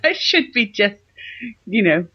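Calling in from a rural French house, this podcast co-host chats comedically in a high, sing-song, slightly breathy voice at a measured pace. He is camp and cheeky and laughs a lot; the audio is dull, with no echo.

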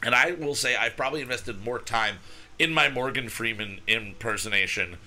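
A man's voice: medium pitch, normal speed, sharp tone. A man in his thirties chatting casually on a podcast, rambling and self-deprecating. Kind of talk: casual chat.

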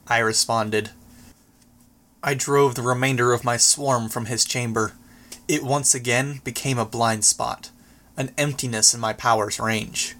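A man narrating a first-person story as an audiobook, reading in a steady, even way. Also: mid-range voice, measured pace.

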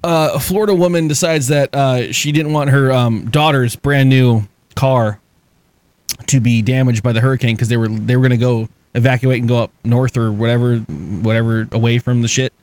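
A man in casual podcast chat, telling stories with a lot of swearing and quick laughs. His voice sits at an ordinary middle pitch and sounds close and dry, with no room around it. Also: steady tone, darkish tone, dry recording. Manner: profane, laughing storyteller. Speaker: podcast host.

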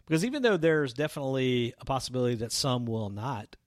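A man's voice: mid-range voice, big pitch swings, fast, no room sound, clean studio sound. A man co-hosting a youth ministry podcast, bantering playfully in a casual chat.

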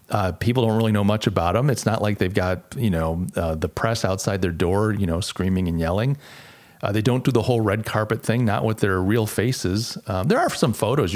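A man's voice: mid-range voice, darkish tone. A middle-aged man hosting a podcast, talking casually and reflectively on his own, with many restarts. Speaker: podcast host. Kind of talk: casual solo podcast monologue.

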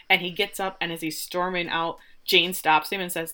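A woman's voice: lowish voice, fairly quick, few pauses. A woman casually recapping a TV episode, acting out the characters' lines as she goes. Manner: animated retelling, acting out quotes. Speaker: podcast co-host recapping a TV episode. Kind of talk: casual chat.

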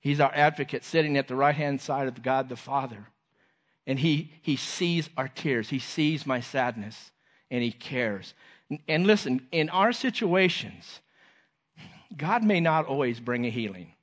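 A man preaching a sermon to a congregation, earnest, repeating his phrases and letting lines fall softly at the end. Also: medium pitch, lively intonation, measured pace.

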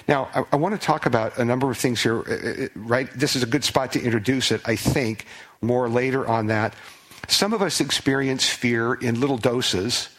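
A man's voice: medium pitch, normal speed, a bit bright. Earnest male pastor preaching. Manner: earnest, repeats words in restarts. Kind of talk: sermon.

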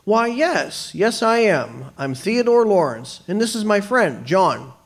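A polite young gentleman offers help with formal courtesy. His voice is high and lively, rising and falling readily. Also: slow, gravelly, heavily acted. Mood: friendly. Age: young adult.

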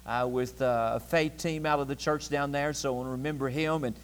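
A man's voice: mid-range voice, steady tone, fairly quick, smooth. A man preaching an evening church sermon with an emphatic, repetitive cadence. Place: church sanctuary. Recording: long church reverb.

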